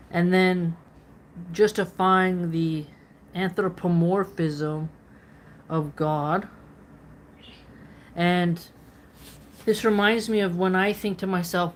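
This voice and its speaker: A woman with a lowish voice hosts a philosophy reading. She reads passages aloud and stops often to unpack them in a chatty, playful way, full of casual asides. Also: a little hiss or hum, poor audio. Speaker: philosophy channel host.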